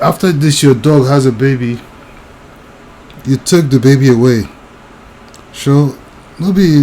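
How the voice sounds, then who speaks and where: A man's voice: fairly high pitch, dark tone, slight background noise, rough recording. A young man, ranting agitatedly and talking straight to the viewer in video commentary.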